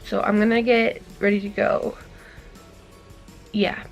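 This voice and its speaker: A woman's voice: mid-range voice, little pitch movement, slow, gravelly, dull audio, over music. A young woman vlogs into a handheld camera, chatting casually and a little out of breath. Her talk rambles along with fillers. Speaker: vlogger.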